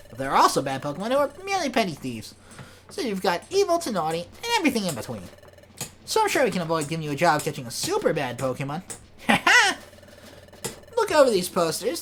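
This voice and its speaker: A woman's voice: medium pitch, a little hiss or hum. A woman voicing a bossy, talkative male bird who briefs new recruits in a lecturing tone.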